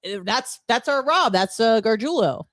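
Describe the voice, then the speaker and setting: A woman co-hosting a radio show, telling stories in an animated, profane way and laughing often. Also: a little high, normal speed, dry recording, clean studio sound. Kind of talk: casual radio chat. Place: radio studio.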